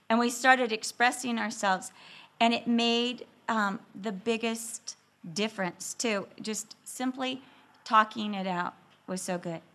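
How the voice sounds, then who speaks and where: Animated woman telling stories from the pulpit. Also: fairly high pitch. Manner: animated, self-deprecating, laughs often, acts out stories. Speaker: pastor's wife and speaker. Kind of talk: sermon-style storytelling about marriage.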